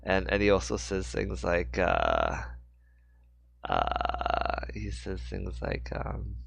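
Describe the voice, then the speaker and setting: A man's voice: low voice, wildly swooping pitch, takes it slowly, creaky, slightly rough, no room sound. A man reading his own book aloud in a casual way, breaking off for rambling, jokey asides.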